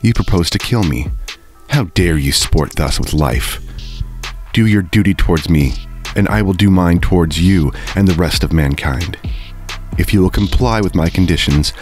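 An eloquent, anguished creature pleads with his creator in solemn, formal speech, as a man reads him aloud. The voice is deep and low. Quiet music runs faintly underneath. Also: animated, normal speed. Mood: pleading. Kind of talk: book reading.

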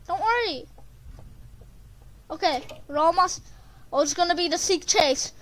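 A woman commentating her gameplay, excitable and prone to screaming when chased. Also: very high voice, unhurried, pauses often. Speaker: gamer.

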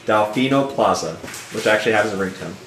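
A man's voice: fairly low pitch, a little fast, slight background noise. A man co-hosting a charity game stream, chatting casually and joking while the game plays. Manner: joking, animated, slips into silly voices. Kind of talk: casual gaming stream chat. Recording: echoey room with game music behind.

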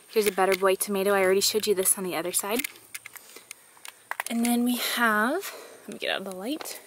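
Strolling her garden outdoors, a vlogger leads a casual walking tour, a little out of breath as she talks. Her voice is mid-range and her manner is cheerful and chatty, full of fillers and little laughs, against a noisy background.

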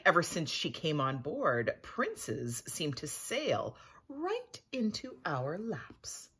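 A cheerful pirate crewman, voiced by a woman reading a storybook chats with pride. The voice is breathy and unhurried. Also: low-pitched, wildly swooping pitch, fairly bright tone, exaggerated voice. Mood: cheery.

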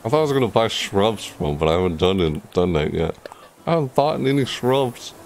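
A man streaming a game, chatting casually and rambling with jokes, sometimes breaking into loud high squeals. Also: very animated, brisk, a little hiss or hum. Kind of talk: casual gameplay commentary.

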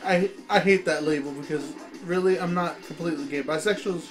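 A man's voice: on the high side, a little fast, rough recording. A man reading a fanfiction story aloud in a giggly, stumbling way, with music playing behind him. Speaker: fanfiction reader.

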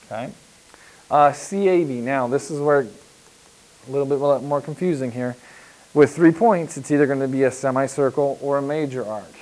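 In a roughly recorded lecture, a math teacher with a mid-range, darkish voice teaches geometry at normal speed. He is patient and repeats himself, peppering his walk through examples on the board with frequent "uh" and "okay."

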